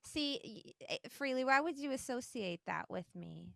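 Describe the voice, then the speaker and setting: A woman's voice: sits high, expressive, normal speed, creaky, bright, forceful tone, no echo, heavily acted. A woman voicing a casual, motherly female turtle goddess who talks in breezy modern slang. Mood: wry.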